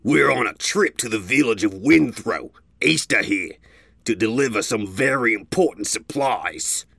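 A stern gray stallion leading a caravan, speaking in a measured, commanding way, as a man puts him on. The lines land in a lifted, insistent register. The sound is dry and close. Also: on the low side, expressive, gravelly, sharp tone, dry recording, voice pushed up, exaggerated voice.

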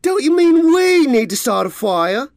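A man's voice: very high-pitched, huge pitch swings, slow, a bit bright, dry recording, voice pushed up, full character voice. A brutish bully stallion, sneering and threatening with a raised, barking voice, as a man acts him out. He mocks as he pushes. The sound is dry and close. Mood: mocking.

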